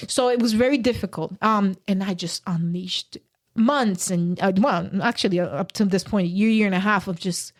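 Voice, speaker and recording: A woman on a podcast recounts a hard personal story. She speaks in halting bursts and restarts sentences. She slips into the voices of the people in it. Her voice sits at an ordinary middle pitch. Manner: halting, restarts, acts out quoted speech. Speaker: podcast guest.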